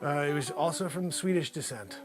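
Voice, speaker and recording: A man's voice: on the high side, fairly quick, soft background music. A man hosting an improvised comedy news spot, rambling and teasing in a mock-anchor delivery. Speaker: comedy news show host.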